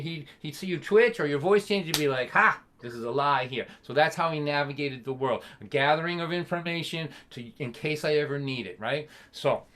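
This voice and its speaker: A middle-aged man telling a comic family story to a camera, animated and acting out voices. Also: on the high side, slight background noise. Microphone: camera mic.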